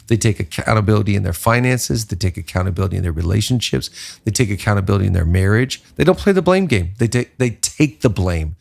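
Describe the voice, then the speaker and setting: A man with a gravelly, rough-edged voice hosts a leadership podcast. He talks in a lively preaching rhythm and stacks up repeated phrases to drive each point home. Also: fairly low pitch, quick pace. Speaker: podcast host, pastor. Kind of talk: casual leadership podcast talk.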